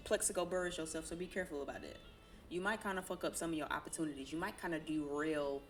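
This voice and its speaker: Woman, tarot reader, lowish voice, blunt, preachy, slangy, casual reading, faint background hiss. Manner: blunt, preachy, colloquial, swears.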